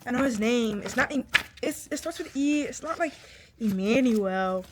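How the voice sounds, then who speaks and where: Young woman rambling about books, kinda high voice, says like a lot, gets worked up. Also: expressive, moderate pace, noisy background. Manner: rambling, full of "like" fillers; emotional, swings from irritated to teary. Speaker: book vlogger. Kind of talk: casual book review chat.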